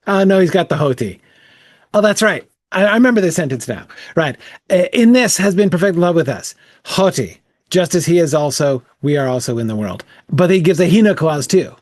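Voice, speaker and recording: A man's voice: on the high side, animated, fairly quick, a little mellow, no echo, studio quality. A man leading a casual bible study, thinking aloud with frequent "um" and "right?" as he works through the text.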